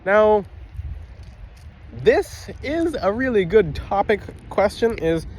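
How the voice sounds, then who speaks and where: A man's voice: high-pitched, sing-song, slow pace, darkish tone, slight background noise. A man casually talking to a phone camera outdoors, emphatic and rambling, with frequent restarts. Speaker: spiritual video host.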